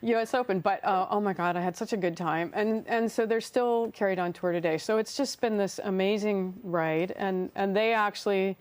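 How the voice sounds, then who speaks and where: A woman's voice: mid-range voice, moderate pace, few pauses. A middle-aged woman, an artist and songwriter, chatting as an interview guest, telling stories with frequent laughs, fillers and restarts. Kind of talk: casual interview storytelling.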